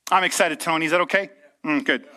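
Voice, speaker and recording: Speaking fast with a fairly high-pitched voice, a preacher delivers a sermon to a live congregation. His style is lively and conversational, frequently checking in with the room.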